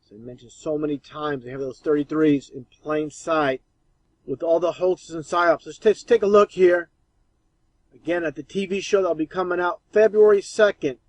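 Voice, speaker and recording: Scornful man with a bright, dry voice. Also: on the high side, steady tone, moderate pace, dry recording, low-quality recording. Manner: scornful, emphatic. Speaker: commentator. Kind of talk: commentary over archive clips.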